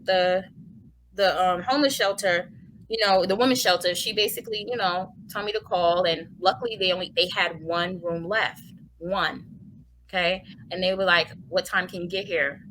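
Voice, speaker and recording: A woman's voice: medium pitch, bright, forceful tone, slight background noise, low-quality recording. A woman, a guest in an interview, telling a heartfelt personal testimony in colloquial speech with many fillers.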